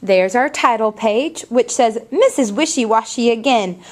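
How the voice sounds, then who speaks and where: A woman teacher talks slowly to young children. Her voice sits a little high and moves up and down a lot as she asks questions. She speaks clearly and patiently. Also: expressive. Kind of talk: reading a picture book aloud to children.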